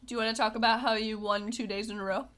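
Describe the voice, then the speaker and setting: A woman's voice: a little high, little pitch movement, quick pace, a bit bright. Chatty woman co-hosting a podcast. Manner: reads ingredient lists aloud, chatty and teasing. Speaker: podcast co-host. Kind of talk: casual chat.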